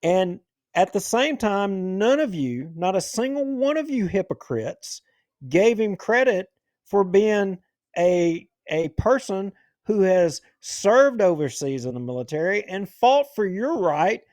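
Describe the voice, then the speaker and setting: A man's voice: high-pitched, sing-song, unhurried, a little mellow, no room sound, studio quality. A man hosting a talk show, giving heated, indignant political commentary. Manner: ranting, indignant.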